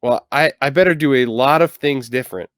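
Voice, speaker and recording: A podcast host who works as a painting contractor chats casually, thinking aloud about how contractors present themselves. His voice is mid-range and fairly bright, and he talks a little fast. The recording is dry and studio quality.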